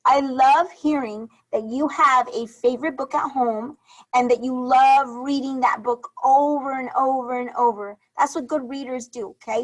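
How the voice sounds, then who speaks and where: High-voiced teacher coaxing young kids. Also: female voice, low-quality recording. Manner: encouraging, repetitive, asks the class questions. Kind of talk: reading lesson for young children.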